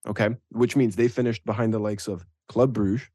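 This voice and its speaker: A man co-hosts a casual football podcast in a fairly low voice. The sound is dry and close. He argues his points with animated conviction and tags his sentences with "right?". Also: brisk, slightly rough, dry recording. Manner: animated, opinionated, leans on "right?". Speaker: podcast co-host. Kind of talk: casual sports chat.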